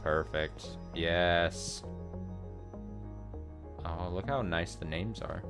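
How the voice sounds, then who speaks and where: A man's voice: deep voice, extremely slow, loud music behind the voice. A man in his thirties giving rambling, profane let's play commentary full of fillers and restarts. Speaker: streamer.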